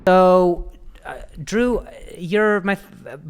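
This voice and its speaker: A man from the United States hosting a podcast, chatting casually and playfully, with frequent restarts and halting phrases. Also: high voice, expressive, background noise. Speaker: podcast host. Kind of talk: casual comedic chat.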